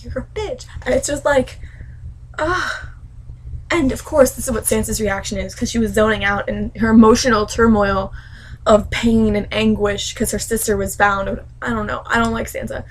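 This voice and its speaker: A woman's voice: on the high side, fairly even intonation, normal speed, rough recording. A young woman at home, ranting and gushing as she recaps a book chapter in a casual vlog.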